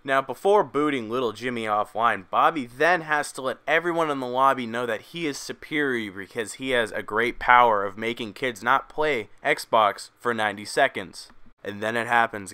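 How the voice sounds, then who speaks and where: A man's voice: mid-range voice, sharp tone, clear, resonant tone. A young man narrating a crude, profane comic story on his own video channel, with a mocking tone. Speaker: YouTube comedy vlogger. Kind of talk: comedic storytelling vlog.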